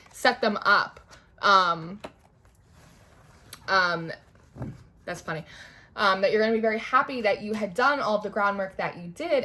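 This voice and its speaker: A woman's voice: medium pitch, sharp tone, slight background noise. A young woman giving a casual, meandering tarot reading, full of "like" and restarts. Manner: chatty, meandering, heavy use of "like". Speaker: tarot reader. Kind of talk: spiritual tarot reading monologue.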